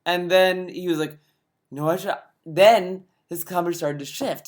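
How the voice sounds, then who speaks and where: Sarcastic male ranter, fairly high voice, swearing nonstop, exasperated reaction commentary. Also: fairly even intonation, moderate pace.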